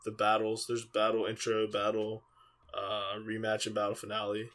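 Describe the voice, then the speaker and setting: A man's voice: fairly low pitch, completely flat delivery, normal speed, fairly bright tone. A young man co-hosting a casual podcast, rambling with lots of fillers. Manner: rambling, filler-heavy storytelling. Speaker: podcast co-host.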